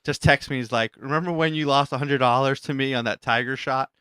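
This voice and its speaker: A man co-hosting a sports talk show, telling a relaxed anecdote in casual chat. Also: mid-range voice, fairly quick, clean tone, dry recording. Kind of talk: casual storytelling.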